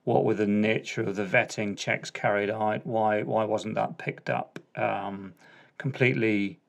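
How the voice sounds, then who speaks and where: A man's voice: lowish voice, fairly even intonation, measured pace, gravelly. A middle-aged man hosting a casual solo podcast, chatty, with lots of ums, uhs and restarts. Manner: chatty and self-correcting, frequent ums and uhs. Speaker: podcast host.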